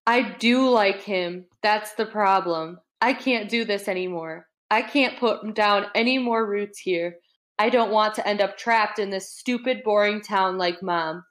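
Woman reader doing a distraught teen girl; plain read-aloud, mid-pitched. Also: unhurried, natural voice. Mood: anguished. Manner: shouting, emotional read-aloud. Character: teenage girl desperate to run away.

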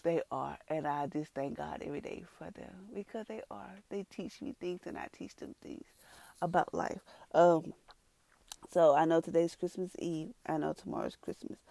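A woman with a low, gravelly voice, telling her testimony to viewers. She talks earnestly and conversationally, acting out her own past reactions as she tells the story. The sound is dry and close. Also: normal speed, mellow, no echo. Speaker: mother sharing a testimony. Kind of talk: emotional personal testimony to viewers.

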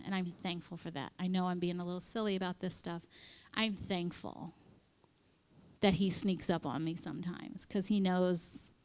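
A woman's voice: medium pitch, clear, resonant tone. Chatty woman giving a playful sermon. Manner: chatty and playful, acting out quoted voices and dropping to whispered asides. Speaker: speaker at a women's church gathering. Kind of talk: conversational sermon. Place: in front of a live audience.

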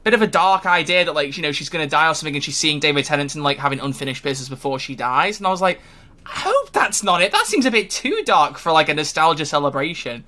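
A man's voice: a little high, very animated, pushed and bright. A man co-hosting a podcast, chatting casually and teasing his co-hosts. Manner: jokey, teasing, quick restarts. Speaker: podcast co-host. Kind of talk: casual chat.

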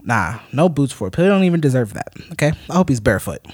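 A man co-hosting a podcast, telling a story in an animated, mock-angry rant. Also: mid-range voice, very fast, slightly rough. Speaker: podcast co-host. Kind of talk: casual podcast chat, storytelling.

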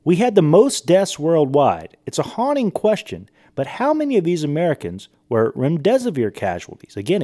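A man's voice: medium pitch, dark tone. A man hosting a podcast, reading quotes aloud and commenting on them in an emphatic, incredulous way. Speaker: podcast host. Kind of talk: monologue reading and commenting on sources.

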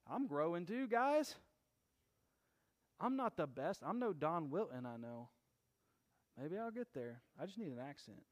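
High-voiced man preaching a lively sermon. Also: normal speed, long pauses. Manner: casual and joking, building to emphatic shouting. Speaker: pastor.

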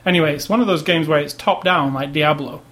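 A man's voice: a little high, fast talker, fairly bright tone. Guy co-hosting a podcast, rambly and jokey, laughs a lot, casual chat. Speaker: podcast co-host.

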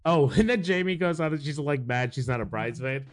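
A man's voice: fairly high pitch, fairly quick, slight background noise. A man co-hosting a podcast in casual chat, laughing often and acting out quotes. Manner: animated, laughing, acts out quotes. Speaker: podcast co-host.

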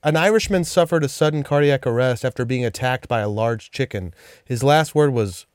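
A man's voice: mid-range voice, a little fast, no echo, studio quality. A young man co-hosting a casual comedy podcast, joking around and slipping into silly voices. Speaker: podcast co-host.

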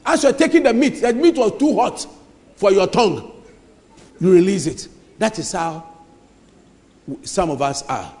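A man preaching an emphatic sermon in a church, repeating lines and rising to shouts. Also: sits high, expressive, a little slow, long pauses. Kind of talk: lively sermon. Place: church hall. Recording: reverberant church hall.

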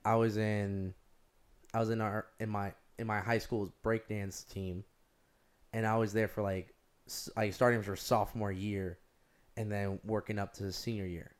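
A young man with a lowish voice, chatting casually and rambling through his stories. He leans on "like" constantly and gets animated in the telling. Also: normal speed. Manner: rambling, heavy use of "like", animated storytelling. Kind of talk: casual chat.

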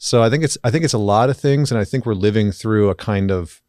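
A man's voice: on the low side, fast, a little mellow, no room sound, studio quality. A man in his thirties, a guest on a podcast, speaking candidly and bluntly with casual swearing. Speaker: podcast guest, men's work facilitator.

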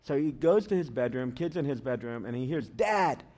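A man's voice: mid-range voice, a little fast, dark tone. Humorous, conversational male pastor. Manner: conversational and humorous, tells anecdotes. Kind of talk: sermon.

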